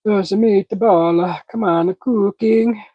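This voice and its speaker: Speaking slowly in a medium-pitched, breathy voice, a woman runs a relaxed cooking stream despite a stuffy head cold that keeps her sniffling. She chats with viewers and reads their comments out loud as she cooks. The audio is dry, with the high frequencies cut off.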